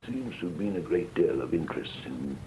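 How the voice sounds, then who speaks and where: A medium voicing a very deep, droll gentleman spirit. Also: expressive, fairly quick. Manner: droll, epigrammatic. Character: witty, drawling dead male gentleman spirit. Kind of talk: archival seance recording. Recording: noisy hissing archive tape.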